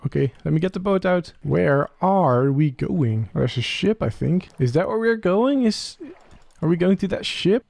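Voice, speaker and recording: This is casual gameplay commentary from a young Let's Play creator who chats as he plays and talks to the creatures on screen, his questions rising with excitement. His voice sits high and creaky, with no echo.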